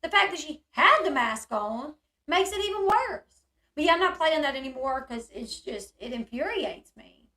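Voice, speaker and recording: A woman's voice: high-pitched, sing-song, normal speed, bright, forceful tone, echoey room. A woman hosting a live online discussion, reacting with indignation and answering viewers' comments. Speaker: channel host reading chat and commenting.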